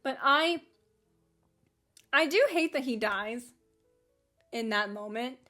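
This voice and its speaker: A woman hosting a casual anime fan commentary, rambling in an animated way with frequent laughs and restarts. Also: a little high, slow pace, soft background music.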